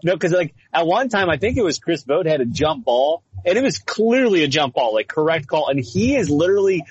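Husky man, rambling sports talk. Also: on the high side, fairly quick. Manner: rambling, animated storytelling with frequent fillers. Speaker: podcast co-host. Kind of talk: casual sports chat. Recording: slightly dull lo-fi sound.

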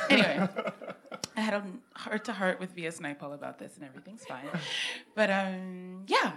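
A woman author with a vaguely American accent, telling stories in an animated, witty way during an on-stage interview. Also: mid-range voice, fairly quick, background noise. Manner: animated, witty storytelling with frequent laughs. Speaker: author guest.

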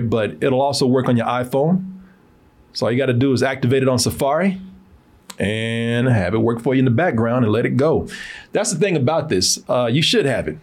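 A male host chatting in a relaxed, slangy way and reading a sponsor spot. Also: medium pitch. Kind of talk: casual talk with sponsor read.

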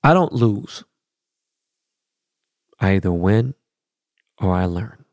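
A middle-aged man hosting a podcast, talking bluntly and profanely in a casual monologue that swings between loud and soft. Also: sits low, animated, slow pace, no echo, clean studio sound. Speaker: podcast host.

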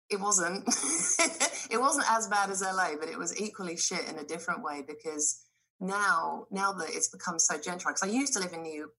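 A woman's voice: on the low side, husky, poor audio. A British woman in her forties, a guest on a podcast, telling stories with plenty of laughter and swearing. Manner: animated, laughing, profane storyteller. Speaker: actress guest. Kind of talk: casual podcast chat.

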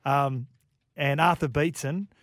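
A man's voice: a little high, steady tone, slow, a bit bright, no room sound, studio quality. A man with an Australian accent hosting a sports radio show, telling rugby league stories and reading out listener texts. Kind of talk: casual sports radio chat.

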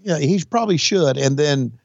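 A man's voice: a little high, expressive, normal speed, vocal fry, no room sound, muffled recording. A man in his sixties co-hosting a podcast, talking bluntly and profanely with dry jokes. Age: 60s. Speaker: podcast co-host, former wrestling figure. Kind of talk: casual podcast banter.

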